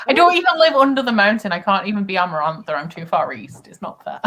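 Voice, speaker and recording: Lively-voiced young woman from Wigan. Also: medium pitch. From North West England. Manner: laughs often, playful. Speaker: co-host of a reading sprint stream. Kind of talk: casual chat.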